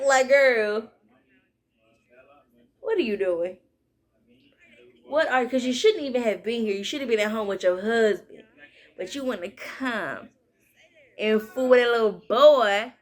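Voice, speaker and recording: A young woman with a slightly high voice talks through a movie in a loose, chatty vlog. She is animated and full of slang, and she keeps jumping into little impressions of the lines she quotes. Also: a little slow, pauses often. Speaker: vlogger. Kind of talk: casual movie review chat.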